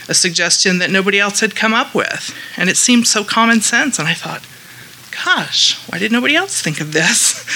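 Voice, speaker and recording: Bright-voiced woman sharing at a meeting. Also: fairly low pitch, a little hiss or hum, poor audio. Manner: chatty, animated retelling with quoted voices. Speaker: group member sharing. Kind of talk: personal share at a support meeting.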